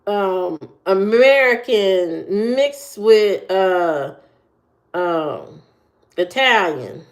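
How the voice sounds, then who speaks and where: A woman from Indiana hosts a casual livestream and answers her viewers at an unhurried, drawn-out pace. Her delivery rambles, doubles back, and repeats phrases while she works out what to say next. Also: mid-range voice, lively intonation. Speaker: livestream host.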